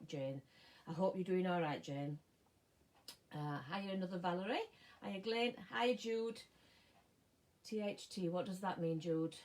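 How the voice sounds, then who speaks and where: A middle-aged English woman with a slightly low voice chats through a live sewing session from her home sewing room. She sounds tired and keeps greeting viewers by name. She trips over her words now and then as she talks. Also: darkish tone, poor audio. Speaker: sewing channel host. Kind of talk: live-streamed sewing chat. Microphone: phone or camera mic.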